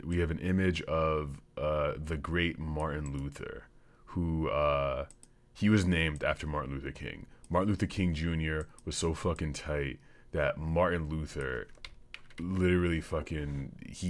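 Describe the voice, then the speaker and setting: A man hosting a comedy podcast, rambling through a profane, jokey monologue. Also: a bass voice. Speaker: podcast host.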